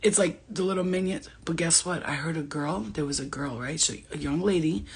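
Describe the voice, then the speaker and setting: Husky-voiced woman, laughing and swearing. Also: sits low, brisk. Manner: laughs often, swears, talks animatedly. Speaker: spiritual medium. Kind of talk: casual livestream talk.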